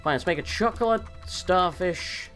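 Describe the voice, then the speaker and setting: A man's voice: sits high, lively intonation, moderate pace, fairly bright tone, soft background music. A man hosting a casual let's play, recovering from a cold, who sarcastically swears and talks back at game characters. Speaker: gaming channel host.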